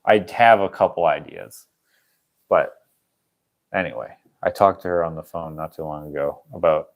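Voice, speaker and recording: A young man with a very deep voice hosts a casual livestream for his channel, speaking at normal speed. He rambles and chuckles as he acts out the people in his stories.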